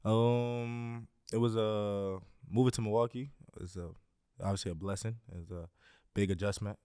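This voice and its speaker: Deep, smooth young man, laid-back. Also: fairly even intonation, normal speed, mellow, no echo, clean studio sound. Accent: American. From Greece. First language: Greek. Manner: laid-back, many fillers like "um" and "like". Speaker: guest, basketball player. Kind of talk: casual interview chat.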